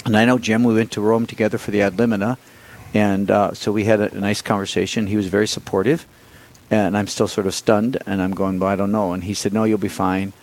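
Halting, low-voiced man recounting a story. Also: little pitch movement, poor audio. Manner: halting, many restarts and fillers, with soft laughs. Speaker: priest appointed bishop, interview guest. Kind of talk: conversational interview storytelling.

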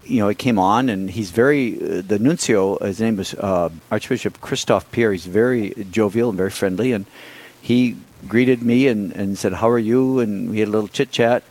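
A middle-aged man speaks with a somewhat low voice, recounting events at an unhurried conversational pace. He stumbles and restarts often, filling gaps with "um" and "uh" and letting small laughs slip in. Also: poor audio. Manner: halting, many restarts and fillers, with soft laughs. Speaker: priest appointed bishop, interview guest. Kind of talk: conversational interview storytelling.

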